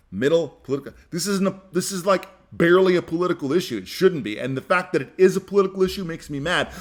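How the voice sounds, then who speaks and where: Heated, emphatic man with a high voice. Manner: emphatic, heated, repeats himself. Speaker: podcast host. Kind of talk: opinion monologue.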